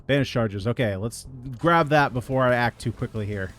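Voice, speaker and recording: A man giving casual gameplay commentary, reading out item picks in a relaxed running patter. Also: medium pitch, moderate pace. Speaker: gaming video creator.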